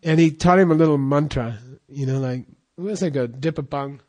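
A man who is a Buddhist monk, telling a teaching story casually, rambling and halting with fillers. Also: on the high side, a little mellow.

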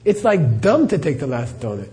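A man's voice: a little high, sing-song, moderate pace, dark tone. Chatty middle-aged male Buddhist teacher. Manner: chatty, laughing storyteller, many "you know"s. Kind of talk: live Q&A talk with anecdotes.

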